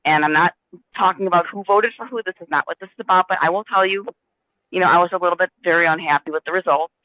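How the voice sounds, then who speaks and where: A man's voice: high voice, quick pace, no room sound. A man earnestly telling a personal story in a casual spiritual discussion, with many restarts. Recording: dry, tinny phone line.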